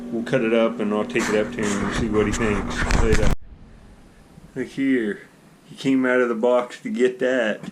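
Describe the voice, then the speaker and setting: A man's voice: fairly low pitch, background noise. A man, vlogging casually and talking baby talk to his pet squirrel. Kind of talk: casual vlog chat.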